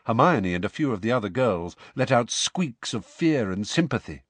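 A man narrates an audiobook from a script, telling the story in an expressive, measured way. His voice is mid-range, and the recording is dry.

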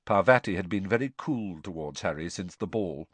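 A man narrating an audiobook in an expressive, measured way. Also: deep voice, husky, no echo.

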